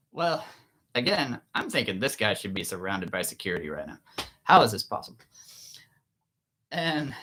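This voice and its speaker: A man, an author, telling a story in a casual, animated way with laughs. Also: medium pitch. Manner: animated, with many restarts and laughs. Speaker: author and vlogger.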